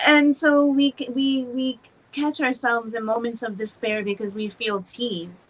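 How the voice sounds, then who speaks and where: A woman co-hosting a podcast in casual chat, expressive, laughing often and swearing freely. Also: fairly high pitch, moderate pace, a little hiss or hum, rough recording. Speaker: podcast co-host.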